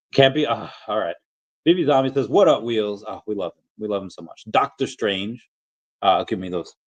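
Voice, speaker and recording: Casual male livestream host, lowish voice, loose and rambling, reads chat aloud. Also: poor audio. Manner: loose, rambling, lots of fillers and restarts; playful, drops into sung and silly voices reading comments.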